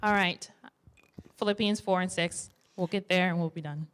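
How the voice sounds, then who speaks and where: A woman in her twenties preaching a sermon in a church, lively and exhorting, with playful asides. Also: fairly low pitch, normal speed, clean tone. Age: 20s. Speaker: women's ministry speaker.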